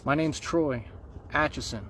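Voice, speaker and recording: A man's voice: fairly high pitch, a little slow, noisy background. A man from Colorado hosting a live vlog outdoors on a mountain, chatting casually and often asking his viewers "huh?".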